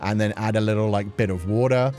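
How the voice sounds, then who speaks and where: A man chatting casually on a livestream, playful and quick to laugh, answering questions from chat. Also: fairly low pitch, steady tone, darkish tone, faint music behind. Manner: chatty and playful, laughing often between thoughts. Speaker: streamer. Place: at home.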